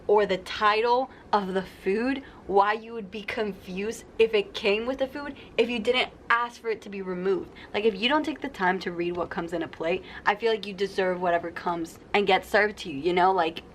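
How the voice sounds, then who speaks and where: A woman's voice: medium pitch, moderate pace, hardly any pauses. Young woman vlogger, chatty storyteller; faint room noise under her voice. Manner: chatty storytelling, acts out quoted people. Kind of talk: casual sit-down vlog.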